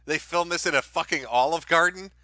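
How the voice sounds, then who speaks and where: A man's voice: fairly high pitch, brisk, pushed and bright, no room sound. A man hosting a commentary show, mocking the video clips he plays with profane, sarcastic remarks. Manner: mocking, profane, mimics people in sneering voices.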